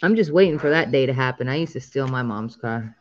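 A woman's voice: a bass voice, expressive, fairly quick, muffled recording. A woman in her thirties chatting casually on a live stream while scratching lottery tickets, drawing out the numbers she calls and laughing often.

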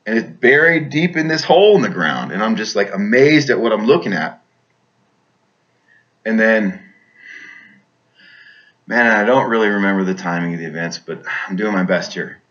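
A man's voice: lowish voice, animated, normal speed, long pauses, fairly bright tone. A man telling a personal war story as a veteran, rambling, repeating words, with many fillers. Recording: dull lo-fi recording.

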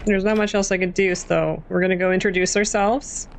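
A woman's voice: medium pitch, fairly even intonation, fairly quick, creaky, slight background noise. A young woman casually commenting on a horror game as she plays, jumpy and self-mocking. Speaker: gaming channel host.

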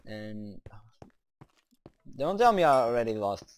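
Excitable young man with lively pitch. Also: takes it slowly. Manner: excitable, talks to the game's creatures, curses. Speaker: let's play gamer. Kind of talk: let's play commentary.

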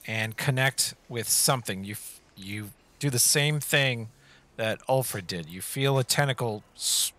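A man's voice: medium pitch, a little slow, pushed and bright. A man running a tabletop game as game master, giving vivid descriptive narration and calling for dice rolls.

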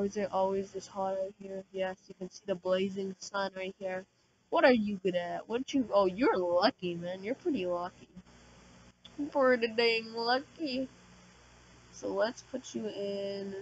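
A woman giving casual, slangy gameplay commentary as a channel host, talking loudly and excitably. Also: medium pitch, lo-fi sound, slight background noise. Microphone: desk microphone.

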